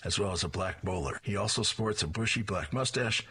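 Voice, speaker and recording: A man's voice: lowish voice, a little fast, sharp tone, breathy edge. A man describing and reading comic strips aloud in a plain, descriptive way.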